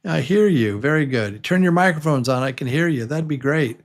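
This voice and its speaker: A man teaching English pronunciation to beginners. He repeats each word slowly and clearly and talks straight to the learners to encourage them. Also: fairly high pitch, lively intonation. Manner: drills words slowly, repeating them many times. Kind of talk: slow, repetitive pronunciation lesson.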